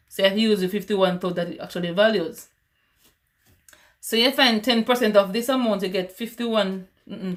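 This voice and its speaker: A woman's voice: mid-range voice, roomy sound. A woman with a Caribbean English accent tutoring math on a casual livestream, chatting with viewers as she works through problems. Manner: chatty, talks to viewers and answers chat.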